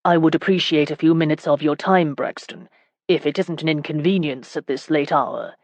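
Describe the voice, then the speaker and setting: A woman reading an arrogant gentleman suitor. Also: sits low, moderate pace, dry recording, close to an everyday voice. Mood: assured. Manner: calm, assured, soothing.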